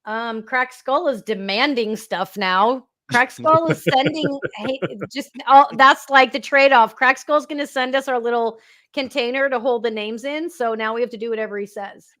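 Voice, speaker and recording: High-voiced woman cohosting a live stream, playful and teasing. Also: normal speed, fairly bright tone, no echo, clean studio sound. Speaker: co-host. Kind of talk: casual livestream chat.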